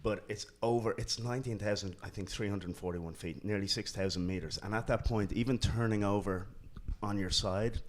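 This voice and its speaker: A man guest telling a story in an interview, halting with restarts and growing animated as he retells it. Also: on the low side. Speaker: filmmaker guest.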